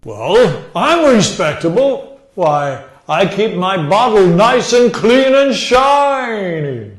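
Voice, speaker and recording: A man's voice: high-pitched, sing-song, takes it slowly, roomy sound. A man in a comedy pirate skit, speaking in a fussy, prissy way.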